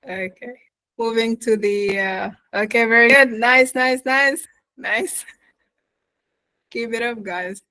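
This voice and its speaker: A woman gives an online pronunciation lesson, repeating words slowly and encouraging her students. Her voice sits a little high. The sound is dry and close. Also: steady tone, pushed and bright, dry recording, poor audio. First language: Arabic. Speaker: accent teacher.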